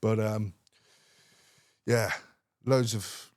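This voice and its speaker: A man's voice: on the low side, drawn-out words, dry recording, studio quality. A young British man, a former soldier, recounting army stories casually with heavy swearing and quoted dialogue. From United Kingdom. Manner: swears heavily, animated retelling with quoted dialogue. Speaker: podcast guest, former soldier. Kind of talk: casual storytelling.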